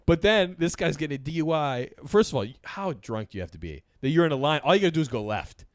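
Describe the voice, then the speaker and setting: A man co-hosting a casual podcast, cracking quick jokes and telling anecdotes. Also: on the high side, expressive, no echo, clean studio sound. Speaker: podcast co-host. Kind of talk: casual chat.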